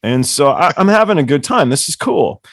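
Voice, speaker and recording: A man's voice: on the high side, big pitch swings, a little fast, fairly bright tone, dry recording, clean studio sound. A man telling rambling, profane stories as the author guest on a casual book club chat. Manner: rambling, profane, laughing storyteller.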